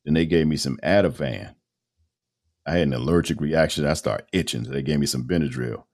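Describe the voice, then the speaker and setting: A man in his fifties, a radio host and voice-over artist, telling his story in a casual, animated interview with colloquial phrasing. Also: a bass voice, a little fast. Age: 50s.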